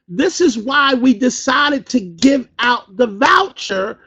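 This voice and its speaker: A man runs a motivational sales training with a very high-pitched, husky voice. He talks fast, fires questions at his audience and acts out quick phone pitches. The recording is dull and lo-fi. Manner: fast, call-and-response, acts out phone calls. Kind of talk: energetic motivational training talk.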